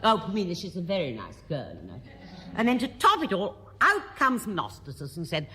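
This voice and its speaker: Older lady comic chatting wry asides on stage, bright voice, bouncy pitch. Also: wildly swooping pitch, a little fast. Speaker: musical comedienne. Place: large concert hall. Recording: live recording in a large reverberant hall. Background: audience laughter.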